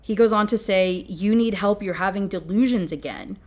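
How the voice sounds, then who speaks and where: A young woman talks through a novel she is reviewing, reading bits aloud and then cutting in with exasperated commentary. She sounds animated and fed up. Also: mid-range voice, moderate pace. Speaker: book reviewer. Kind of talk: ranting book review with read-aloud passages.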